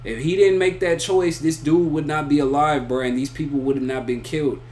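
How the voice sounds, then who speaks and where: A man's voice: on the high side, fairly even intonation, fairly quick, darkish tone. A man giving a casual, rambling spoken review of an anime, full of slang and repeated "you feel me" and "bro". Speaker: anime reaction YouTuber.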